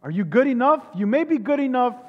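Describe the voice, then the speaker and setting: A man's voice: very high voice, very animated, quick pace, muffled recording. A man preaching a sermon as pastor. He talks emphatically, asks rhetorical questions and often repeats himself or restarts. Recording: long hall reverb.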